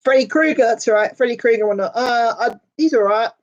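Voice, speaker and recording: A woman chatting casually with her viewers in a fairly high voice, full of crude swearing and giggles. The sound is dull and lo-fi, as if from a modest home mic. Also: fairly quick. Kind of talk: casual chat.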